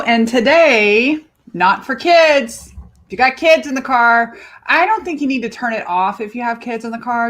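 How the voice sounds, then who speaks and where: Chatty woman podcast host, lively and cussing. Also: on the high side. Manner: animated, chatty, swears freely, stretches words for emphasis. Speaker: life and business coach, podcast host. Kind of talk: casual podcast monologue.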